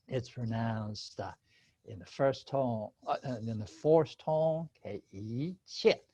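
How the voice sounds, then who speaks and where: A man's voice: mid-range voice, a little mellow, no room sound. A male teacher running an online class, patient, switching between Chinese and English and laughing often. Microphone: video call. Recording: slightly dull video call audio.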